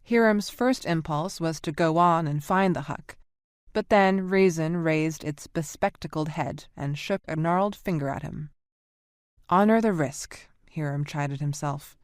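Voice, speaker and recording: A woman narrating a science fiction audiobook in a steady, even reading. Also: low voice, unhurried, smooth, dry recording, studio quality. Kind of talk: scripted narration.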